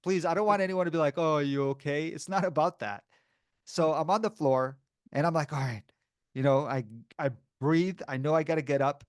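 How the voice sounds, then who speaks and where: A man's voice: on the high side, no echo, studio quality. A man co-hosting a podcast, telling funny stories in a casual chat, laughing often and acting out other people's voices. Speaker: podcast co-host.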